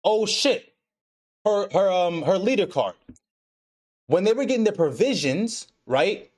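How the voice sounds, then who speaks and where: A young man retells an anime episode for his stream, swearing freely and acting out each character's lines. His voice sits a little high for a man. He talks in a loose, excitable run. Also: measured pace. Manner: animated, profane storytelling with acted-out quotes. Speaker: podcast host recapping an anime. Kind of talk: casual chat.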